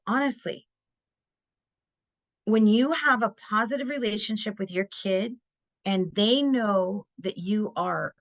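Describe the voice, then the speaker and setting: A middle-aged woman presents a parenting webinar in an earnest, chatty way. She often checks in with her listeners by asking "right?" Her voice sits at a middle pitch. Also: fairly bright tone.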